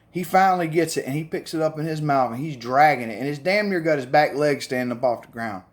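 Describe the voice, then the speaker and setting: A middle-aged man, telling a family story casually in a profane, rambling way full of fillers. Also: on the high side.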